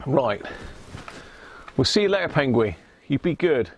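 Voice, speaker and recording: A man's voice: medium pitch, sing-song, unhurried, breathy edge, highs cut off. A man hosting a casual livestream, chatting with viewers by name and stumbling over unfamiliar words. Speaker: livestream host. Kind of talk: casual live chat.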